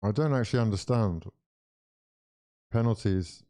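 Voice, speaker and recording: A young man commenting live on a football match for viewers, excitable and full of exclamations as he chats along. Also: lowish voice, unhurried. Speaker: watch-along streamer.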